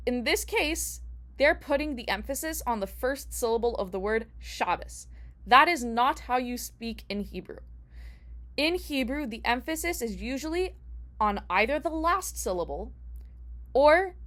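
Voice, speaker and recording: A woman's voice: fairly high pitch, sing-song, a little slow, a bit bright. A young woman teaching a casual lesson as a rabbinical student, chatty, asking herself rhetorical questions and restarting her phrases.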